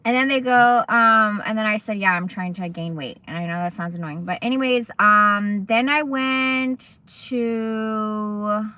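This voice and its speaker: A woman's voice: mid-range voice, measured pace, sharp tone, clear, resonant tone, no room sound. A young woman casually chatting on a livestream, telling rambling stories full of swearing and asides. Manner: rambling, profane, chatty storytelling. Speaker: livestream host.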